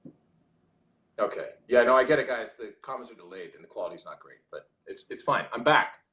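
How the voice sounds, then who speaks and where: Lively man chatting on a roomy livestream. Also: mid-range voice, brisk. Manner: rambling, restarts often, reads chat aloud. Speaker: livestream host. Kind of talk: casual livestream chat reading comments.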